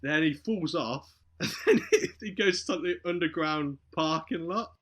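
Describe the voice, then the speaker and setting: Speaking at normal speed in a fairly high voice, a man casually goes over a film's storyline on a podcast. He's animated, acting out the characters' lines as he goes.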